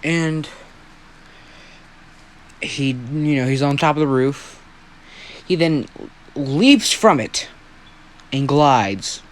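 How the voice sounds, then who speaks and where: A man's voice: fairly high pitch, lively intonation, very slow, long pauses. A young man who hosts a fan-story channel, telling an improvised story in a rambling, self-deprecating way with a lot of swearing.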